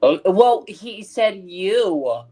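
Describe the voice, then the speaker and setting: A man's voice: sits high, sing-song, drawn-out words, dark tone. A man on a casual livestream panel, giving scores and trading dry, teasing banter.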